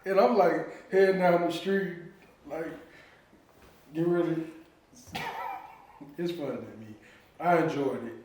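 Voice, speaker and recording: A man in a relaxed, chatty mood tells a family story, breaking into laughter often. His voice sits a little high. He's picked up from across a very echoey room. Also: unhurried, long pauses, distant mic, slight background noise. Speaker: family vlogger. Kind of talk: casual storytelling.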